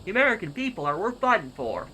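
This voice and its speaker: A man's voice: sits high, very animated, quick pace, bright, forceful tone, a little hiss or hum, voice pushed up, heavily acted, rough recording. A man doing Colonel Autumn, Louisiana drawl. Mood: declaiming. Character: stern adult male military colonel, Louisiana drawl.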